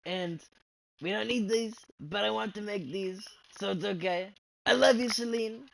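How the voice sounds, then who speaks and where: A loud, self-assured politician impression, as a man puts it on over his gameplay, pushed high above his own voice. The delivery is showy and exaggerated, with a gravelly edge. A clear hiss of noise sits behind it. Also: moderate pace, low-quality recording. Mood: boastful. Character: brash boastful man, a famous politician impression. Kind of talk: gameplay commentary in a put-on voice.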